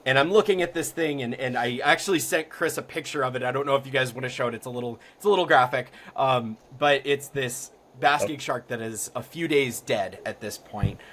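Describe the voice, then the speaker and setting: A young man from Florida, a podcast guest telling stories in a casual, rambling way full of ums and likes that grows lively at the exciting parts. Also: medium pitch, brisk, hardly any pauses. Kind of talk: casual storytelling.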